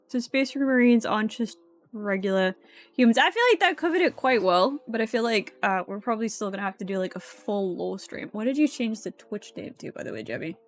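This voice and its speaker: A woman's voice: on the high side, dry recording. A woman streamer chatting casually and playfully teasing her chat during a live stream. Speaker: VTuber streamer.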